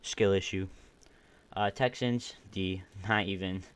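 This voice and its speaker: Groggy young guy, deep voice, rambly hot takes on his stream. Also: fairly even intonation, slow, smooth. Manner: rambling, opinionated, many restarts. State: groggy, burping. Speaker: podcast host ranking football teams. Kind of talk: casual solo stream commentary.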